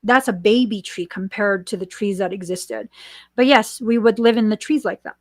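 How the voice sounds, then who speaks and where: A woman hosting a spiritual podcast, speaking slowly and earnestly and repeating her warnings. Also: medium pitch, dry recording. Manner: slow, earnest and warning, with repetitions. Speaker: podcast host. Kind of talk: spiritual channeling chat.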